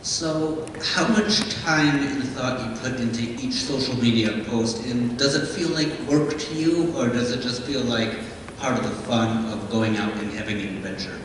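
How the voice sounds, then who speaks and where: Audience man asking a question, mid-pitched, picked up from far off. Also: normal speed, few pauses, background noise. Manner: asks a long question. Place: meeting hall. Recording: distant voice in an echoey hall.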